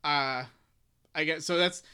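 Bright, clear-voiced hesitant man. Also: fairly high pitch, fairly even intonation, takes it slowly. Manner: hesitant, many restarts and fillers, reads passages aloud. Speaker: podcast co-host discussing a book. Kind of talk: casual chat.

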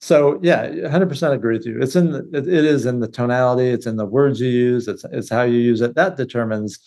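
A man's voice: medium pitch, fairly quick, mellow. A man who is a guest on a podcast interview, speaking bluntly and with energy, often restarting his phrases. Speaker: guest, real estate business leader. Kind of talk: casual interview conversation.

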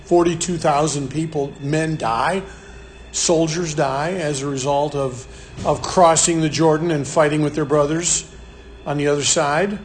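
A man's voice: a little high, steady tone, a little slow, a little hiss or hum. Chatty man leading a Bible study. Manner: conversational, repeats words and restarts, chuckles. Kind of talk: live Bible study teaching. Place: room with a live group.

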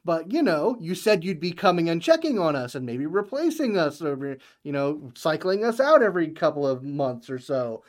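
A man's voice: a little high, very animated, normal speed, few pauses. A man voicing a fed-up stranded worker who curses and complains indignantly.

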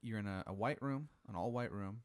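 A man running an improvised comedic story as game master, with halting, restart-filled narration. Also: on the low side, no room sound, clean studio sound.

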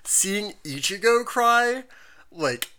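A host recapping an anime episode with a bright, clear tone. The voice rises and falls a great deal, expressive and animated as it moves between plot summary and reactions. Viewer comments are read out along the way in an easy, chatty manner. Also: mid-range voice, slow pace. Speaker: podcast host reading chat. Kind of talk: casual anime recap chat.

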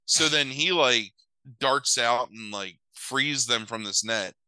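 A man's voice: mid-range voice, takes it slowly, sharp tone, clear, resonant tone, no echo, poor audio. A man recapping a movie in a loose, sarcastic chat, swearing casually and using many filler words.

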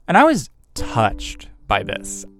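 A man's voice: medium pitch, wildly swooping pitch, slow pace, gravelly, over music. A man telling a personal story in a casual, conversational way, with fillers and restarts.

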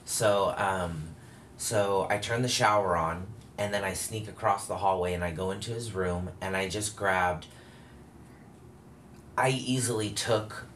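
Deep-voiced guy rambling thru a story, lots of ums and restarts, casual chat. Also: unhurried, fairly bright tone, slight background noise. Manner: rambling, self-correcting storytelling with frequent fillers. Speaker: guest telling his story. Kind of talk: candid casual conversation.

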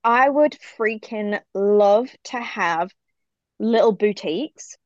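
A woman's voice: medium pitch, slow pace, dry recording. A British woman from the UK chatting as an enthusiastic interview guest, with lots of fillers and laughter. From United Kingdom. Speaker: podcast guest, business owner. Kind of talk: casual interview chat. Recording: dull, dry recording.

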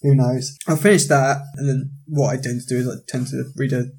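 A man's voice: mid-range voice, a little fast, husky. A man co-hosting a podcast, chatting casually about books and films, laughing easily and trailing off while he thinks. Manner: relaxed, laughs often, trails off in thought. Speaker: podcast co-host.

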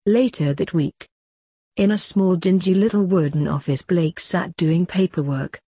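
A woman reading a story aloud in an even, unhurried way. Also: on the low side, husky, dry recording.

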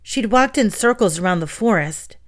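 A woman's voice: medium pitch, animated, normal speed. Woman reading a children's story.

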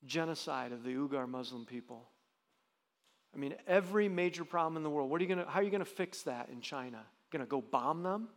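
A man's voice: fairly high pitch, big-room sound. A man preaching a sermon as pastor, earnest, with frequent restarts and rising emphasis.

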